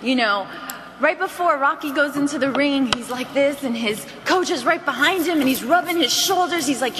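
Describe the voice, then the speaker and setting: A woman giving an energetic motivational sales training to a roomful of people, acting out phone calls as she goes. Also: high voice, moderate pace, big-room sound, noisy background. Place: meeting hall.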